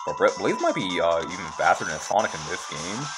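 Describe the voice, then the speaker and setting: A young man commentating casually on a handheld game as he plays, excitable and quick to exclaim. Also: deep voice, music in the background. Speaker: let's play gamer.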